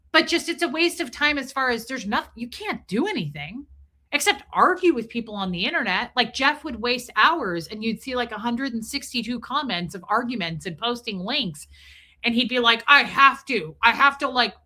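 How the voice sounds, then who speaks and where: A woman's voice: fairly high pitch, bright, forceful tone. A woman hosting a casual livestream, chatting bluntly with plenty of swearing and thanking her viewers by name. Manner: blunt, profane, chatty, reads and thanks viewers' super chats. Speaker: livestream host. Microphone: streaming mic.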